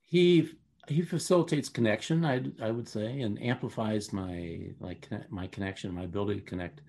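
Man, interview guest, rambling storyteller, lots of fillers, somewhat low voice. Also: moderate pace. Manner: rambling, animated, with many fillers and restarts. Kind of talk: casual storytelling.

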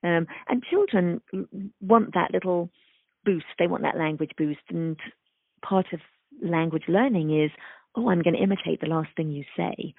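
Speech therapist guest, woman, gravelly edge, explains patiently, tinny dry call line. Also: lowish voice, no room sound. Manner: thoughtful, acts out examples in sing-song voices. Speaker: speech-language pathologist guest. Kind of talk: explanatory interview talk. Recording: dry, phone-like remote call audio.

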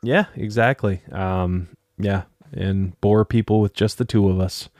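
A man's voice: on the low side, steady tone, a little slow, a little mellow, no room sound, clean studio sound. A young man hosting a podcast, chatting casually and rambling with lots of restarts and fillers. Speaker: podcast host. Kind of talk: casual chat.

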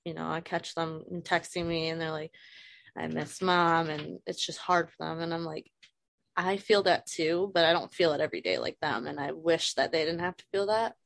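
A woman's voice: deep voice, moderate pace, creaky, a bit bright, no room sound. A woman in her thirties, a guest speaking frankly and emotionally about loss, swearing casually, on a video call. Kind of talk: candid personal conversation.

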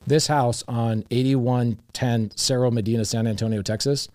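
A middle-aged man who invests in real estate, here as a guest, shares casual stories in an animated style and acts out the quoted dialogue. His mid-range voice moves at normal speed, with no echo.

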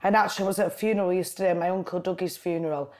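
A woman in her forties with a Bolton Lancashire accent, a guest talking in a lively, chatty way and slipping into quoted voices. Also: fairly low pitch, racing. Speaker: guest, writer and comedian. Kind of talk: casual conversation.

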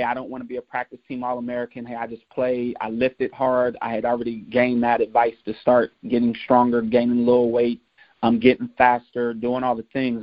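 A man tells stories from his football years as a motivational talk and acts out the people he quotes. His voice sits at a middling pitch. The recording is dry and dull, with a lo-fi edge. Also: no room sound. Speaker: motivational speaker, former college football player. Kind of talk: storytelling talk.

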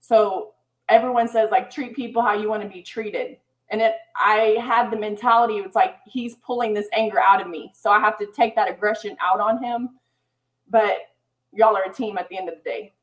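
A woman's voice: mid-range voice, steady tone, normal speed, rough recording. A woman in a casual podcast chat, talking earnestly and reflectively.

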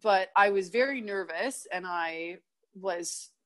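A young Canadian woman, a kettlebell athlete appearing as a guest in a casual interview, tells stories animatedly, acting out quotes and laughing often. She speaks slowly in a mid-range voice.

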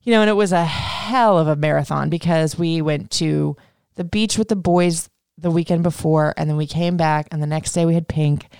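A woman host with a lowish, gravelly voice that still sounds smooth and clear. She tells her story in a loose, rambling way, swearing freely and leaning on "like". The sound is close and dry, with no room around it. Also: darkish tone, dry recording. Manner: rambling, profane, heavy use of "like". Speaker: podcast host. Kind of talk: casual personal storytelling.

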